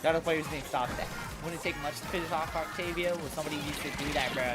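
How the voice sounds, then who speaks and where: A woman live streaming a video game, chatting casually in slangy, animated speech that leans on "bro" constantly. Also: deep voice, fast, loud music behind the voice. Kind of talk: casual livestream chatter over gameplay.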